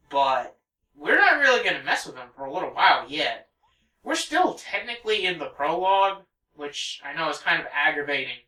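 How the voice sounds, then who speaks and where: Rambling gameplay commentator in their thirties, crisp, bright tone, heard from a little way off the mic. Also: medium pitch, reverberant, far from the mic, rough recording. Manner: chatty, rambling, wanders off on tangents. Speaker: let's play host.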